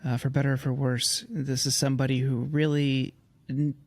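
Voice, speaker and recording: A man hosting a podcast, asking his guest questions in a halting way with many filler sounds. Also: medium pitch, flat delivery, no room sound. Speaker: podcast host. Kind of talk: interview questions.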